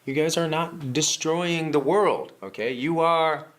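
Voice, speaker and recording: A man's voice: fairly high pitch, measured pace, fairly bright tone. A man playing a sarcastic political strategist in a comedy sketch, who laughs at his own lines. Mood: smug. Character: scheming male political strategist coaching activists.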